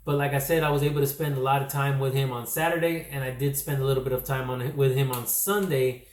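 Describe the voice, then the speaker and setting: A man from California telling a casual vlog recap, rambling and correcting himself, his voice slightly worn from yelling. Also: mid-range voice, steady tone, quick pace. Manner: rambling, self-correcting storyteller. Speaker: comic book vlogger. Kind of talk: casual recap talk to camera. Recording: echoey room.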